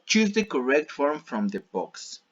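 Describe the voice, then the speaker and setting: Slow, patient male English teacher. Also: on the high side, big pitch swings, lo-fi sound. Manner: repeats and rephrases each example patiently. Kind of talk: bilingual classroom explanation.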